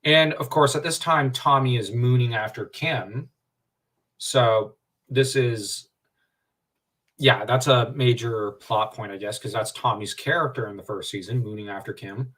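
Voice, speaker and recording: Male livestream co-host, casual rambling fan talk, mid-pitched voice, sits back from the mic. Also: unhurried. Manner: animated, rambling, many fillers and restarts. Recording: distant from the mic.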